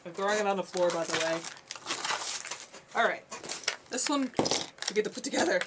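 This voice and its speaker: A woman vlogging a toy unboxing in a casual, gushing, excitable chat at her desk. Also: mid-range voice, fairly quick, background noise. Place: desk at home.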